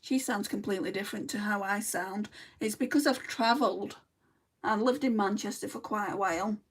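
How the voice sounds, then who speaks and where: With a breathy edge to her medium-pitched voice, a beauty vlogger talks a little fast in a Lancashire accent, being blunt as she does her makeup and replies to viewer comments. She's from Lancashire, England, and sits slightly back from the mic.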